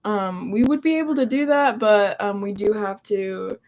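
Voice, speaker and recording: A woman's voice: medium pitch, normal speed, dull audio. Nasal woman reading chat. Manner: chatty, hesitant with frequent ums. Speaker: livestream co-host. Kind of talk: casual livestream chat reading viewer comments.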